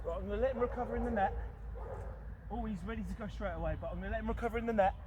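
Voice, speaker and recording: A middle-aged man vlogging by a river, talking chattily and excitably, often restarting his sentences. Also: sits high, racing, noisy background. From United Kingdom. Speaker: fishing vlogger. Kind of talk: casual outdoor vlog talk. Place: riverbank outdoors in winter.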